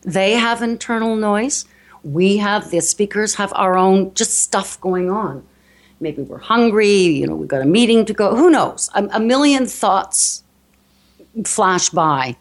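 A woman's voice: mid-range voice, lively intonation, a little slow. A woman with a North American accent, a speech coach explaining her work earnestly in an interview. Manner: earnest, explanatory, with frequent restarts. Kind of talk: interview conversation.

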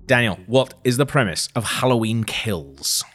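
Excitable Welsh man with lively pitch. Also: moderate pace, soft background music. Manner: excitable, laughs often, swears casually. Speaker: podcast co-host. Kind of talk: casual film podcast chat.

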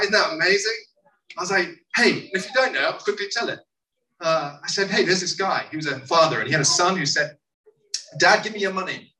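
A preacher telling a story to a congregation in a lively sermon style, acting out the people in it. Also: medium pitch. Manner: animated, acts out quoted voices. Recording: echoey room, mic at a distance, faint noise.

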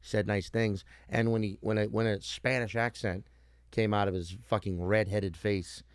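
A man chats casually, rambling and joking, searching for words with many fillers and restarts and plenty of swearing. His voice is lowish, clear and resonant, with a level tone and moderate pace. The recording is dry with clean studio sound.

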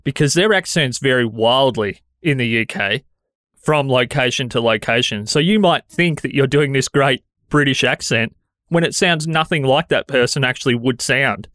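A man with an Australian accent delivers a solo podcast monologue in a frank, conversational way, with a touch of exasperation. His voice sits at an ordinary middle pitch. It is captured close on a studio dynamic mic in a completely dry room. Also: moderate pace, a bit bright, dry recording. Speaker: podcast host. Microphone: studio dynamic microphone.

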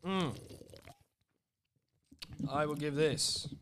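A man's voice: fairly high pitch, drawn-out words, fairly bright tone, slight background noise. A young man co-hosting a podcast, with playful, goofy banter in casual chat. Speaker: podcast co-host. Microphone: podcast mic.

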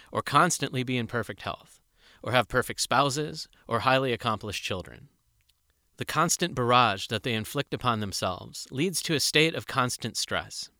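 Bright, dry-voiced man reading a self-help book. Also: medium pitch, no room sound. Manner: calm, measured, explanatory reading. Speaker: audiobook narrator.

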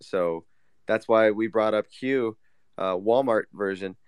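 Low, smooth-voiced male host. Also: measured pace, dry recording. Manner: laid-back, joking. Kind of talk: casual chat.

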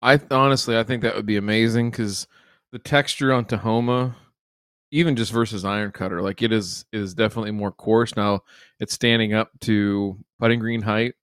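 A man hosting a casual lawn care chat, enthusiastic and quick to joke. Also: fairly low pitch, steady tone, fairly bright tone, clear, resonant tone, no echo, clean studio sound. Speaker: podcast host.

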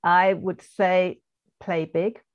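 A woman's voice: fairly low pitch, flat delivery, drawn-out words, lo-fi sound. Earnest English woman coaching. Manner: earnest, encouraging, reflective. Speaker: guest, business coach. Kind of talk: podcast interview.

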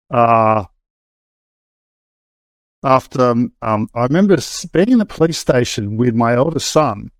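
This middle-aged interview guest has a mid-range voice, recorded with no echo. He shares his story candidly and conversationally, hesitating and restarting often.

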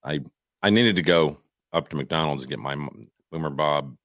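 A man co-hosting a podcast, rambling and self-deprecating, with halting restarts. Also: extremely low pitch, fairly bright tone, no echo, studio quality. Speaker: podcast co-host. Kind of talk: casual podcast banter.

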